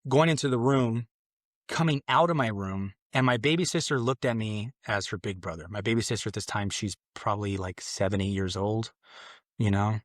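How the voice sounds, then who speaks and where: A man's voice: fairly low pitch, normal speed, no room sound, clean studio sound. A man in his late twenties, a podcast guest telling his personal conversion story in an earnest, loose conversational way. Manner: earnest, loose and conversational, acting out his own past thoughts.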